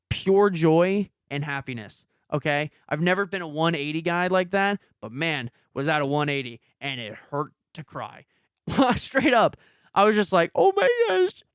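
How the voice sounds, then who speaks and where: A man's voice: a little high, smooth, no room sound, studio quality. A young man hosting a podcast, telling a story in a casual way and acting out his own reactions. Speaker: podcast host and YouTuber. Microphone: headset.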